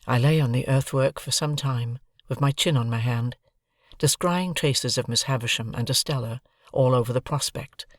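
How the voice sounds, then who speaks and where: A man narrating a classic novel as an audiobook, reading in a measured, deliberate way. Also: medium pitch, no echo, studio quality. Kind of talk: scripted narration.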